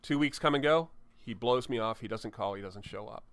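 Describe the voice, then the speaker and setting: A man's voice: medium pitch, a little fast, fairly bright tone, no room sound. A tattoo artist telling candid, profane stories from his shop in an interview, often restarting his sentences. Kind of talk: storytelling in an interview. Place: tattoo studio.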